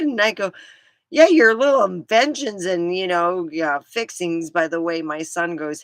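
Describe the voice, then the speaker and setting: A middle-aged woman vlogging in a rambling, casual chat, scattered and quick to laugh. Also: mid-range voice, dry recording. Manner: chatty, scattered, laughs a lot.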